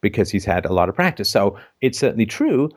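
A man hosting a call-in show, talking in a measured, reflective way with frequent fillers. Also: lowish voice, sing-song, no echo, clean studio sound. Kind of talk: casual phone-in discussion.

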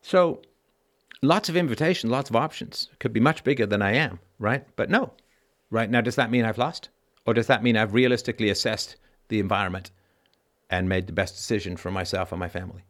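A man's voice: lowish voice, fairly quick, a bit bright. A man hosting a call-in advice show, lecturing emphatically and asking probing questions.

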